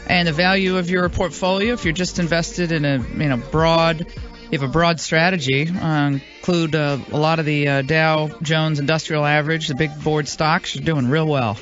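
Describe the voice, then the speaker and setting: A woman's voice: low voice, fairly even intonation, normal speed, highs cut off, soft background music. A woman hosting a talk radio show, chatty and emphatic with frequent fillers. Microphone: studio microphone.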